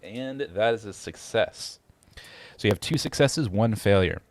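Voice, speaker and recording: A man narrating as game master of a tabletop game, pausing often with fillers and restarting his sentences. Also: lowish voice, expressive. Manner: hesitant, many fillers and restarts.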